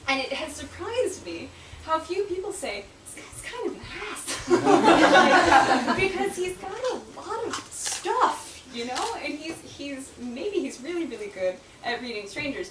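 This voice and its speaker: Woman author at a Q&A, chatty and laughing, higher voice, heard from far off in a boomy noisy room. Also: lively intonation, normal speed. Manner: chatty, laughs often, many fillers. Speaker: author answering questions. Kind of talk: casual Q&A talk. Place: book event room. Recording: echoey room, distant mic, noisy.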